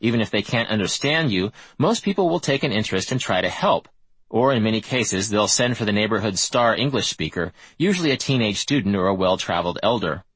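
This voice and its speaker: A man narrating a nonfiction audiobook in a measured, wry first-person reading style. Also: lowish voice, animated, a bit bright, slightly rough, no room sound, rough recording.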